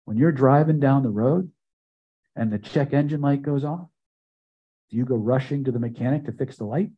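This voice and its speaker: An older man leads a live seminar with emphatic, driving delivery. His voice is husky, mid-pitched, and the recording is dull and lo-fi. He swings from loud peaks to near silence. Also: moderate pace. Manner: emphatic, builds repeated phrases to loud peaks then drops quiet. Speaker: hypnosis and self-help trainer. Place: seminar room with audience.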